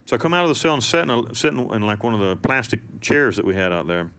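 A man telling his own story in an interview, blunt and profane, with animated delivery. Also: mid-range voice, fast talker. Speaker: interviewee, former prisoner.

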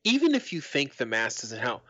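A man's voice: medium pitch, wildly swooping pitch, moderate pace, fairly bright tone, no echo, muffled recording. A middle-aged man from Arizona telling a story in casual podcast chat, swearing freely and acting out the quotes. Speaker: podcast co-host.

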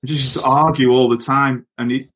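A man's voice: medium pitch, little pitch movement, a little fast, fairly bright tone. A middle-aged man, a former footballer, telling anecdotes on a podcast in a chatty way, laughing as he goes. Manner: chatty, laughs through his stories.

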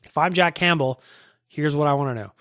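Canadian man, podcast host, blunt, cursing, slightly high voice, dry close sound. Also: a little fast, fairly bright tone, no echo. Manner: brash, blunt, swears freely. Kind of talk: casual sports podcast talk with ad reads.

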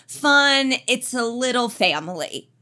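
A woman's voice: a little high, slow pace. A woman co-hosting a comedy podcast, chatting playfully and acting out the people in her stories. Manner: animated, playful, acts out quotes. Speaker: podcast co-host. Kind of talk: casual comedic chat.

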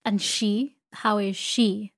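Woman voicing a sharp, impatient old aunt. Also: a little high, steady tone, normal speed, natural voice. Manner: sharp and snappish. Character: stern, impatient elderly aunt, sharp and contemptuous.

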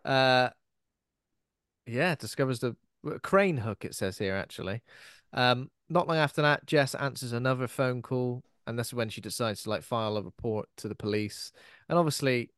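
With a medium-pitched, fairly bright voice that rings clear and resonant, this man co-hosts a podcast at normal speed. The talk is loose and profane, with him slipping into mocking impressions, recorded dry in studio quality.

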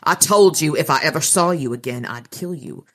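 A woman's voice: low voice, lively intonation, moderate pace. Stern old male wizard, cold and hard, commanding, read by a woman. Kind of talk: reading a novel aloud.

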